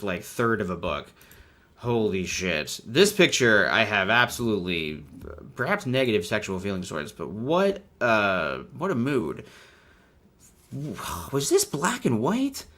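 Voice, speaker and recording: A man's voice: fairly low pitch, fairly bright tone. A man hosting a casual, irreverent comedic commentary, laughing often as he talks. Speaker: host.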